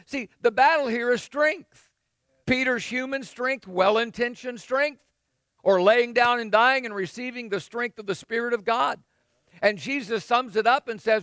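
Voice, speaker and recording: A man's voice: very high voice, measured pace, fairly bright tone, smooth, dry recording. A male pastor preaching a sermon in a conversational way, acting out the quoted lines.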